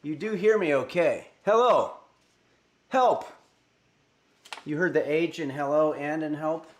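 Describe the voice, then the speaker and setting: Speaking at a normal speed, a man with a slightly high, darkish voice rambles through a casual livestream from home, and the sound is reverberant. At his desk mic, he reads chat messages out loud with lots of fillers.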